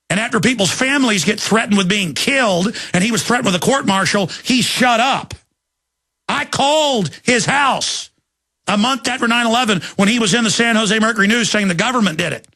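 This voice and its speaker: A man hosting a talk show, delivering an impassioned, ranting monologue that swings into shouting and slow, emphatic stresses. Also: very high voice, vocal fry. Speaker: radio talk show host.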